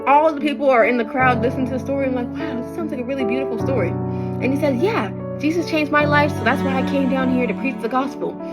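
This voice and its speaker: A young woman from Nigeria retelling a Bible story in casual slang, acting out the people in it with lively quoted voices. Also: fast, loud music behind the voice, poor audio. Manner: animated, acts out crowds with high-pitched quoted voices and slang. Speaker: bible study vlogger.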